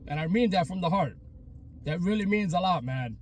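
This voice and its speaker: A man's voice: high-pitched, animated, a little fast, a little mellow, a little hiss or hum. A man with a New York accent, a vlogger of abandoned places, thanking his viewers with heartfelt emotion, close to tears and repeating himself. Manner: emotional, repetitive, on the verge of tears. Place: outdoors by an abandoned restaurant.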